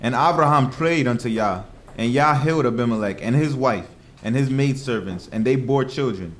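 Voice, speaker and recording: A man reading old-fashioned scripture aloud in a steady, measured way, with an occasional slip. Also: mid-range voice, slight background noise. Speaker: scripture reader.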